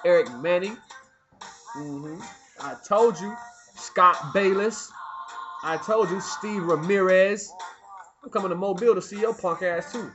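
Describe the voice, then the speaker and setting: A young adult man in a rambling, profane monologue, swinging from low muttering to loud preachy outbursts. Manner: profane, peppered with "man" and "you know what I mean". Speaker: vlogger. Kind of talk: rambling personal monologue to camera. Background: music playing.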